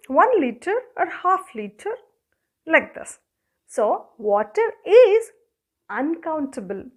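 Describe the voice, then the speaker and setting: A woman with an Indian English accent teaching a grammar lesson, asking questions and answering them herself as she counts objects aloud. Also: high voice. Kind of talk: classroom lesson.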